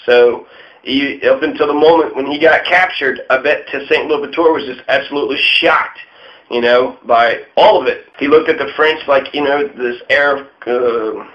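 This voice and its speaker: A man's voice: medium pitch, moderate pace. Irreverent man with lo-fi sound. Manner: irreverent, swears often, mocking asides. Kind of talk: profane casual history monologue. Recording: dull lo-fi sound.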